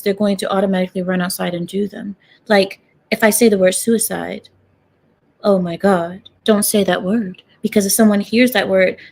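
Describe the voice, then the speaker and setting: A woman's voice: mid-range voice, vocal fry, a little mellow. A young woman rants to her viewers in a loose, sarcastic vlog. She rambles, asks them questions and drifts off topic as she goes. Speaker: vlogger. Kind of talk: casual talking-head rant.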